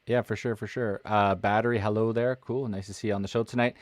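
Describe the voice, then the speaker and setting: A man's voice: fairly low pitch, steady tone, fast talker, dry recording. A Canadian man co-hosting a live filmmaking podcast, chatting casually and rambling with lots of fillers and restarts. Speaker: podcast co-host. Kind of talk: casual live-stream chat.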